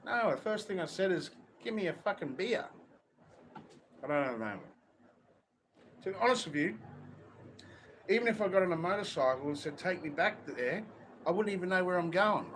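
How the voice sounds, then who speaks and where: A man's voice: fairly high pitch, animated, normal speed, fairly bright tone, poor audio. An Australian man livestreaming outdoors near a beach, talking bluntly and swearing constantly in casual chat. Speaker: livestream host. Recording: outdoor street noise with traffic.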